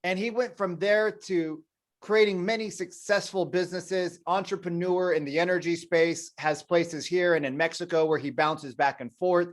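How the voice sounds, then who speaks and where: A man's voice: high voice, fairly even intonation, normal speed. A man hosting a podcast, introducing his guest in an enthusiastic, rambling, chatty way. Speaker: podcast host. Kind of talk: casual interview intro.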